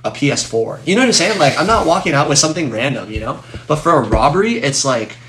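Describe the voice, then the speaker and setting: A young man co-hosting a podcast in casual chat, rambling through animated explanations full of "like". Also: fairly high pitch, fast talker. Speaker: podcast co-host. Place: room in a home. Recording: echoey room with steady noise.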